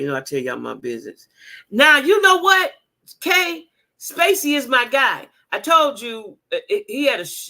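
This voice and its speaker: A woman chats with her livestream viewers in a blunt, profane and animated way. Her pitch swings widely, with a gravelly edge and a bright, forceful tone. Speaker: livestream host reading viewer comments. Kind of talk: casual livestream chat.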